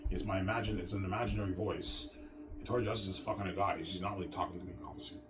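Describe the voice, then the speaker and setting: Fast-talking man, distant mic, music behind. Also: deep voice, steady tone, background noise. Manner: boastful, repetitive, stammering restarts. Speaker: vlogger. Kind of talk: rambling monologue.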